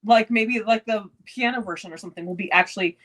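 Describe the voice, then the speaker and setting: A woman's voice: mid-range voice, quick pace, a bit bright. A woman co-hosting a live fan stream, upbeat and agreeable, thinking aloud as she talks. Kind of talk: casual live-stream chat.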